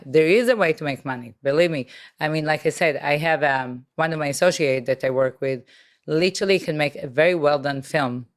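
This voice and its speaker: A woman's voice: deep voice, brisk. A woman entrepreneur talking as a podcast guest, emphatic and persuasive, repeating phrases for weight. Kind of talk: conversational interview.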